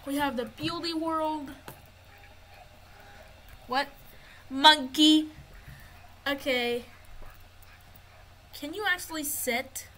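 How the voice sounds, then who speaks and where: A woman's voice: high-pitched, drawn-out words, long pauses, bright, forceful tone, rough recording. A woman giving casual gameplay commentary, narrating what she finds as she explores. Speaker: gamer.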